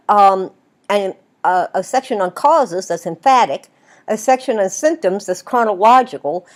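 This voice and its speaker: A woman teaching a writing class in a recorded video lecture, explaining at length and checking in with "right?" as she goes. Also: on the high side. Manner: lively, explanatory, asks "right?" often. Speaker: writing instructor.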